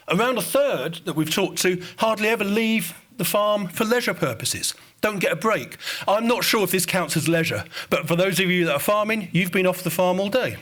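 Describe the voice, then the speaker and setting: A man's voice: high voice, expressive, normal speed, fairly bright tone. A man with an Estuary English accent giving an informal conference presentation on research, speaking directly to the audience.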